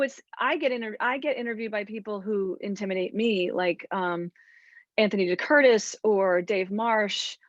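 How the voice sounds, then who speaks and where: A middle-aged woman musician in a mid-range voice talks chattily on a panel, often restarting her sentences. The sound is dry and a little dull, with no room echo. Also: medium pitch. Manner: chatty, with many restarts and fillers. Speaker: folk musician guest. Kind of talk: casual panel talk.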